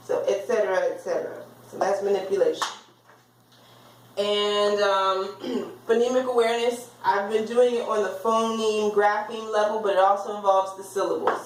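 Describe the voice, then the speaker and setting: A woman teacher explaining reading skills in a class lecture, sounding out words slowly. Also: mid-range voice, slight background noise. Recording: roomy, from far off the mic.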